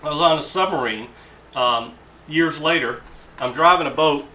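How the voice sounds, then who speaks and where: Brief: radio host man, forties, higher-pitched bright voice, animated storyteller. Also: reverberant, a little hiss or hum. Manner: animated anecdotal storyteller, halting asides.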